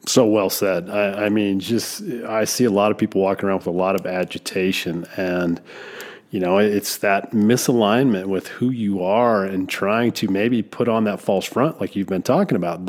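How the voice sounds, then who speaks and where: Podcast host, male, lowish voice, earnest and reflective, casual chat with restarts. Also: a little mellow. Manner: earnest, reflective, with frequent restarts and verbal fillers. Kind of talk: casual conversational interview.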